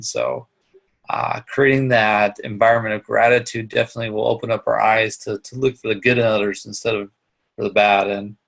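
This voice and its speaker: Gravelly-voiced man giving an earnest talk. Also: lowish voice. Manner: earnest, halting, many restarts. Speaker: instructor. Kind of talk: online live class talk.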